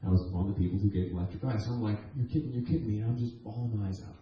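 A man's voice: on the low side, fairly even intonation, racing, dull audio. A man preaching a testimony sermon, telling stories earnestly and animatedly, with frequent restarts. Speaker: guest preacher. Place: church sanctuary. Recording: echoey church hall.

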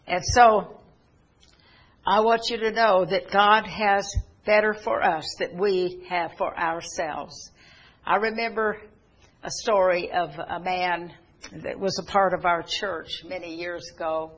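A woman's voice: fairly low pitch, fairly even intonation, low-quality recording. Earnest woman preaching a sermon. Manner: earnest, halting with restarts and fillers. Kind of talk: sermon storytelling.

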